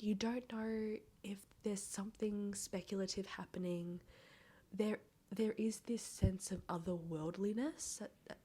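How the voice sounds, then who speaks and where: Breathy, hoarse woman whispering her chat. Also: medium pitch, mellow. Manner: chatty, rambling, laughs often. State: hoarse, recovering from illness. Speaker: book vlogger. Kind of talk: casual reading vlog chat. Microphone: small clip-on microphones.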